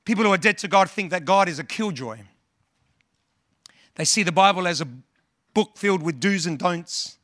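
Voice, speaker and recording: A man's voice: sits high, moderate pace, pauses often, a bit bright, no echo, clean studio sound. A male pastor preaching earnestly, often repeating words and quoting scripture and hymns. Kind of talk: sermon.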